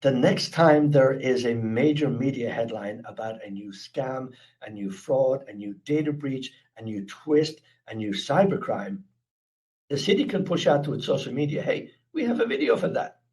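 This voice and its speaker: A man's voice: medium pitch, animated, normal speed, a little mellow. An Irish man with an East Coast accent, giving a chatty, earnest webinar talk on security awareness and taking questions, often restarting his sentences. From Ireland. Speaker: speaker presenting a security awareness program.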